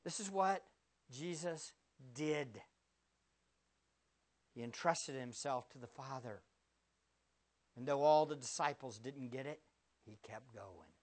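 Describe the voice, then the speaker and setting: A male pastor preaches slowly with long pauses, firing rhetorical questions at his congregation and swinging from loud bursts to hushed words. His voice sits at medium pitch.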